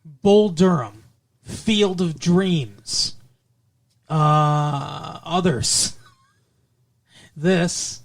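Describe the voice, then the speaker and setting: A man's voice: a little high, vocal fry. Joking male movie podcast co-host. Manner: joking, does quick impressions, laughs often. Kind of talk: casual chat about movies.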